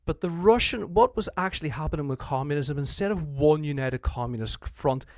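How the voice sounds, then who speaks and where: This Northern Irish history teacher talks briskly in a highish voice with a somewhat dark tone, captured dry. Delivering a conversational revision lecture, he tends to restart sentences and dramatize quotes.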